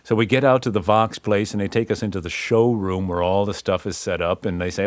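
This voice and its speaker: Guy with a low voice telling stories about his old band, slangy, does the voices and noises, dry close sound. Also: brisk, no echo. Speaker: musician recalling his band's history. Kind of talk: spoken-word storytelling.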